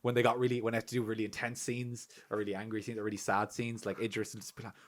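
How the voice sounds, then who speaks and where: A young Irish man co-hosting a casual podcast, telling stories with lots of swearing, laughter and loud acted-out quotes. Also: fairly low pitch, rapid-fire. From Ireland. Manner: animated, swearing, laughs often, acts out quotes loudly. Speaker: podcast co-host.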